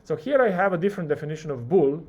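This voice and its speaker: A male lecturer teaching a live coding class, talking through each keystroke and acting out the software's replies. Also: fairly high pitch, expressive, rapid-fire, muffled recording.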